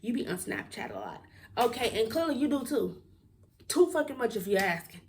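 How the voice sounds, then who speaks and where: A woman's voice: a little high, expressive, a little fast, far from the mic, a little hiss or hum. A young woman telling a storytime to her viewers in a casual, blunt, outspoken way, laughing and swearing as she goes. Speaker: storytime vlogger.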